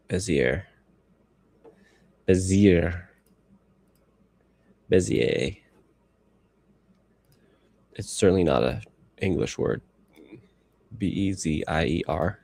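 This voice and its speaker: A man's voice: deep voice, creaky, darkish tone, slightly rough, dry recording. A man in his thirties streaming live as he edits photos, rambling and talking to himself while he works. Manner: rambling self-talk, musing aloud. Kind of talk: casual livestream commentary while working.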